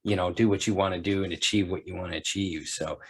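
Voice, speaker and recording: A man's voice: low-pitched, steady tone, fast talker, slightly rough. A middle-aged man hosting a podcast in casual interview chat, encouraging and rambling with frequent restarts. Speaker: podcast host.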